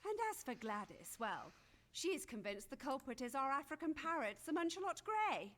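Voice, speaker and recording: A woman's voice: sits high, very animated, moderate pace, a bit bright. An actress playing a flustered, gossiping Elizabethan noblewoman who speaks in chatty, dramatic archaic phrases in a video game. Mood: suspicious.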